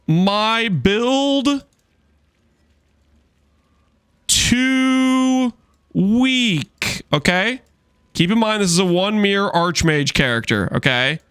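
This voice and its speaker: A man's voice: high voice, bright, forceful tone, clean tone, no echo, clean studio sound. A young man live-streaming a game, telling stories theatrically and tacking "okay?" onto his points. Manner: theatrical storyteller, repeats "okay?" for emphasis. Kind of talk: casual live-stream chat.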